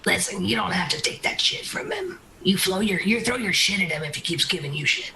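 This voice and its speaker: A bawdy old woman adventurer in a tabletop game, voiced by a player, blunt and deadpan, with a bright tone. She fires off crude remarks without softening them. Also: medium pitch, fairly quick, gravelly, a little hiss or hum, low-quality recording.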